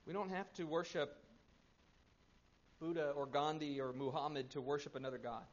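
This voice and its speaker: High-voiced man preaching a sermon. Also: steady tone, moderate pace. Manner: dynamic preaching, swinging between loud emphasis and hushed tones. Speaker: pastor. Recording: muffled lo-fi sermon recording.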